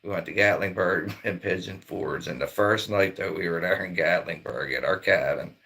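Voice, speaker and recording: Middle-aged livestream host from Maryland, low gravelly voice, rambling and swearing. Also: male voice, normal speed, bright, forceful tone. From Maryland, near Baltimore. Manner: rambling, laid-back, swears a lot. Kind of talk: casual livestream chat.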